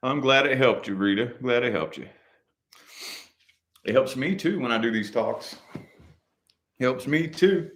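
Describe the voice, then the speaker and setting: Man, casual talk, rambling, loose, swears now and then, middle pitch. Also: animated, unhurried, pauses often, fairly bright tone. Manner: rambling, loose and profane, with many "you know" fillers. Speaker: host answering viewer comments. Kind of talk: casual livestream chat.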